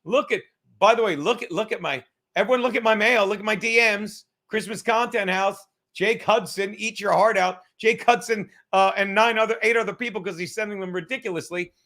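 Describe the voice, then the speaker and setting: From his apartment, a man hosts a comedy podcast and goes on a profane, mocking, sarcastic rant. His voice sits high and sounds pushed and bright, and he talks a little fast.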